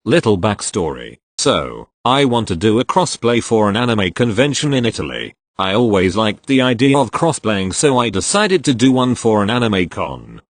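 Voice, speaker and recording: A man reading online posts aloud in scripted narration, with an even, matter-of-fact delivery that spells out abbreviations. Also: on the low side, normal speed, few pauses, no echo. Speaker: story reader.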